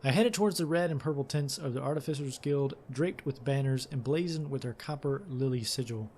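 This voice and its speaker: A man's voice: mid-range voice, fairly quick, a little mellow, slight background noise. Man, let's play host; casual read-aloud of game text with commentary, some fillers. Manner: casual, with fillers and self-corrections.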